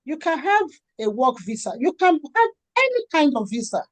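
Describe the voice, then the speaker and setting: A middle-aged woman from Nigeria, a charity founder and author, talking in an interview and acting out the dialogue in her stories with lively energy. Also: high-pitched, moderate pace, no room sound. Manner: animated storytelling, acts out quoted dialogue. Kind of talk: conversational interview.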